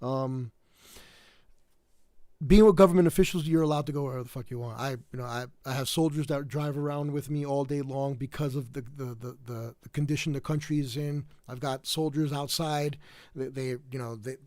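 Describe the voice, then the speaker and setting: A man's voice: medium pitch, fairly even intonation, brisk, darkish tone, dry recording, studio quality. Tired New York man rambling on a livestream. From South Bronx, New York. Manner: rambling, many fillers and restarts. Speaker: livestream host. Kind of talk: casual livestream chat.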